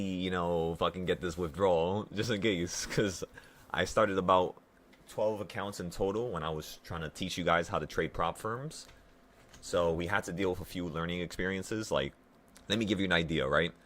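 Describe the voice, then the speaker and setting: A man who is sick, excitedly and profanely talking viewers through his live trades and cursing at himself. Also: deep voice. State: sick, voice affected by illness. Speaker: trading vlogger. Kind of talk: live trading commentary to viewers.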